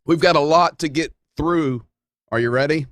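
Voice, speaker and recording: A talk show host delivers a folksy, emphatic monologue sprinkled with playful asides. His voice is on the high side and fairly bright, at normal speed. The recording is dry, with clean studio sound.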